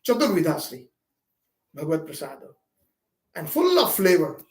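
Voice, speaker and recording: A man's voice: on the high side, huge pitch swings, normal speed, reverberant. A man giving a sermon at a home program, telling a devotional story and acting out its dialogue, with fillers and repeated words. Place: home gathering room.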